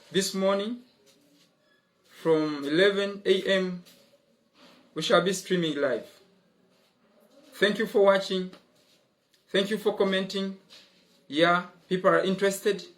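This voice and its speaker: A man's voice: sits high, a bit bright. A young man teaching law in an online lesson, repeating key words and dropping "mm-hmm" and "uh-huh" as he drives his points home. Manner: emphatic, drilling points home.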